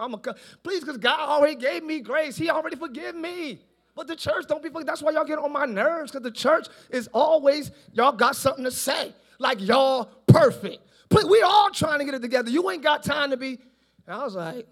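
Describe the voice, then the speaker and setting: Male pastor, very high voice, live church sermon, shouts and jokes. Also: a little fast, creaky. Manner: animated preaching, often shouting, playful asides. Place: large church, live service.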